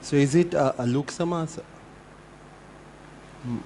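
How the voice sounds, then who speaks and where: A man's voice: fairly high pitch, unhurried, mellow. A man with an Indian English accent asking a lecturer probing questions in an academic discussion. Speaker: workshop participant asking questions.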